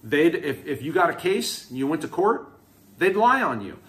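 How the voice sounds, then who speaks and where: A man's voice: on the high side, normal speed. Candid man telling prison stories. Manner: candid, animated retelling with quoted voices. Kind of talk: casual storytelling to camera.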